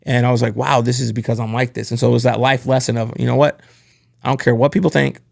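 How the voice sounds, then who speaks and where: A man's voice: medium pitch, flat delivery, fast, vocal fry. A man hosting a podcast, telling earnest, candid stories from his working life in casual conversation. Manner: candid, earnest storytelling about work. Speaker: podcast host.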